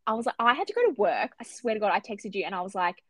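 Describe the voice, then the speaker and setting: A woman co-hosting a casual book podcast, animated and gushing, swearing freely as she talks. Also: medium pitch, racing, dry recording. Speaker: podcast co-host.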